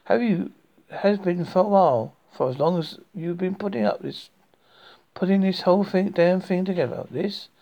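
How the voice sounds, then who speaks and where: A man's voice: high-pitched, animated, moderate pace, mellow, voice pushed up. A man reading a cruel, gloating mistress. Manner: gloating, whining.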